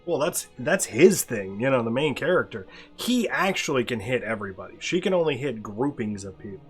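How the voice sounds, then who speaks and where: A man playing a video game and explaining it dryly, often trailing off into a quiet mumble. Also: mid-range voice, very animated, brisk, faint music behind. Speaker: player and co-host of a gameplay video. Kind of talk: casual gameplay commentary.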